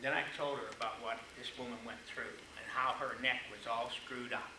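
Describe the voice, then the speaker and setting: An older man teaches a seminar in a folksy, animated way, slipping into stories and acting out what people said. He is heard from a distance in an echoey room with steady background noise. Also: mid-range voice, moderate pace. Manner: folksy, animated anecdotes with acted-out quotes. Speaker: chiropractic lecturer. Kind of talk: storytelling seminar lecture. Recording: echoey room, far mic, noisy.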